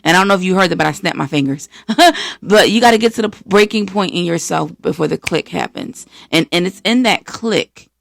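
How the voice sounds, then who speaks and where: An American woman from the East Coast hosting a podcast, giving an energetic, preachy faith-based motivational talk and acting out voices of the people she quotes. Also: on the low side, fairly quick, vocal fry, no echo, clean studio sound. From East Coast of the United States. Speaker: podcast host.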